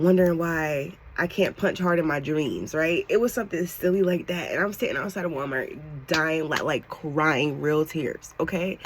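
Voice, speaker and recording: A woman giving a channeled tarot reading to her viewers, excitable and animated, talking casually with lots of slang and "like". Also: low voice, normal speed, few pauses, a little hiss or hum. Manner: excitable, animated, fills talk with "like". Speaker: tarot reader.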